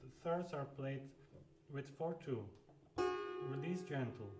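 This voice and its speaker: Calm man teaching fingering at a keyboard. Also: mid-range voice, takes it slowly, over loud music. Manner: calm, explains fingering step by step while playing. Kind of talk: live practice lesson, thinking aloud. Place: room with a clavichord. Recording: roomy sound with clavichord playing.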